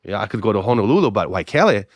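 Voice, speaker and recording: Talking very fast with no echo, a middle-aged pastor from Hawaii recounts a story during a casual storytelling podcast interview. He performs both sides of the conversation, animating each with pitch jumps.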